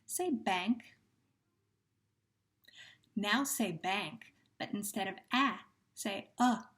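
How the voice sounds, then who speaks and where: Slow, patient woman teaching sounds. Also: mid-range voice. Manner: slow, patient drills with pauses and gentle praise. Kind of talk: phonemic awareness lesson for young children.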